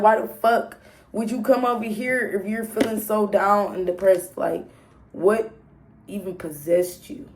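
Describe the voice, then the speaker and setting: Young female vlogger, gravelly fry, blunt and profane storyteller. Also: medium pitch. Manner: blunt, profane, talks straight to viewers. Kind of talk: casual storytime monologue.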